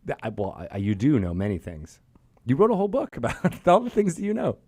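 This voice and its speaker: A man's voice: mid-range voice, huge pitch swings, quick pace, darkish tone, no room sound. A man co-hosting a podcast in casual banter, playful and laughing often, trailing off mid-sentence. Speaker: podcast co-host.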